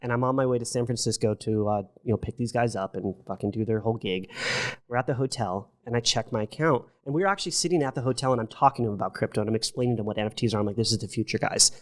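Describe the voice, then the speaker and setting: Fast-talking, swearing male storyteller. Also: medium pitch. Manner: profane, animated, acts out quotes of others. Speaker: podcast guest. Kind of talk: casual storytelling.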